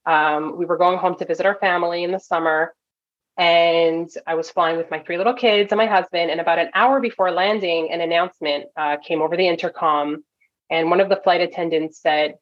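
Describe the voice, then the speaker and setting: A woman from Toronto, a nurse coach, telling a story as a podcast guest, animated and full of quick asides. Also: on the low side. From Toronto, Canada. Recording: dull lo-fi audio.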